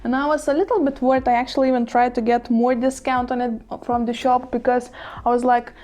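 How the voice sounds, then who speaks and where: A woman's voice: a little high, little pitch movement, fairly quick, darkish tone. A woman vlogging casually at home, gushing and giggling as she shows off her plants, speaking English as a second language with small slips. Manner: bubbly and gushing, giggles often, apologetic asides. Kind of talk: casual show-and-tell vlog.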